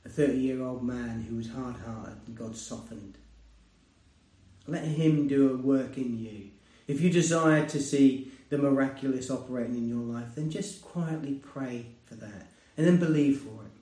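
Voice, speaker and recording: A man preaching a sermon and sharing a personal testimony, earnest and conversational, rising to loud emphasis and dropping to hushed tones. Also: mid-range voice, a little slow. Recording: roomy, distant mic.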